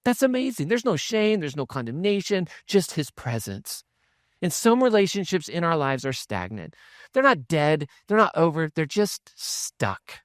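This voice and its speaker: A pastor preaches a sermon, telling its stories conversationally with asides and chuckles. His voice is on the high side, bright, with big pitch swings and an unhurried pace. The recording is dry and clean, studio quality.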